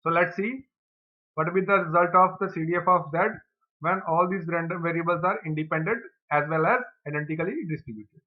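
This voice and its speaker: Male tutor, somewhat high voice, methodical step-by-step lecture, tinny phone-like audio. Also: brisk. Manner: steady, methodical step-by-step explaining. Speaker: teacher. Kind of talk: exam problem lecture.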